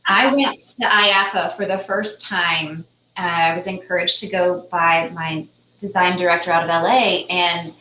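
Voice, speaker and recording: Bright-voiced woman in an echoey room. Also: fairly low pitch, a little hiss or hum. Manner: earnest, grateful, frequent restarts. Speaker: guest, architect and project manager. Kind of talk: interview answer, personal story.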